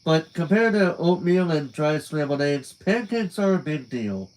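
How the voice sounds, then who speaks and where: A man reads a novel live to viewers, breaking away now and then for casual chat, his conversational phrases tapering off at the ends. The audio is poor, and his slightly high, slightly mellow voice has lively intonation at a measured pace.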